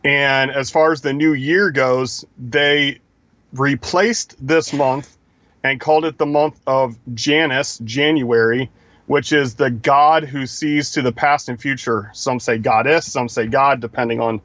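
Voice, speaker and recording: A man's voice: medium pitch, steady tone, measured pace, fairly bright tone, no echo, dull audio. A man co-hosting a live stream, lecturing emphatically in casual talk. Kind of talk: casual talk-show commentary.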